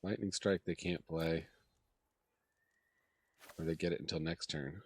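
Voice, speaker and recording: A man with a hoarse, sick voice hosting a channel and chatting casually through gameplay, thinking aloud. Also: low-pitched, fairly even intonation, measured pace, heavy background noise. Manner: chatty, thinks aloud, self-deprecating laughs. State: hoarse from a cold. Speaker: gaming channel host.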